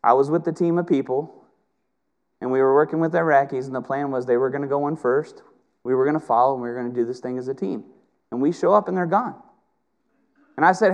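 A middle-aged man preaching a sermon with passion, rising to loud emphatic peaks and dropping to quiet, intimate stretches. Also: mid-range voice, fast, long pauses. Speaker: pastor.

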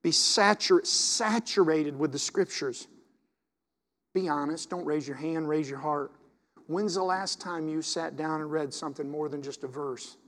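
A man preaching a sermon as pastor, swinging from hushed asides to loud, impassioned exhortation. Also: fairly high pitch, unhurried.

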